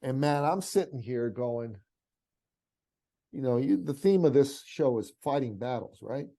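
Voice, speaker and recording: A middle-aged man from Iran, a podcast guest and business coach, telling a story in an animated, heartfelt way with casual asides. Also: medium pitch, unhurried, creaky.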